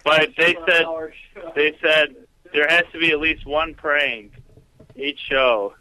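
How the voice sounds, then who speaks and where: A male co-host chatting loosely and joking around. His voice sits somewhat high, with a sharp, forceful brightness. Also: slow, poor audio. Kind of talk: casual joking chat.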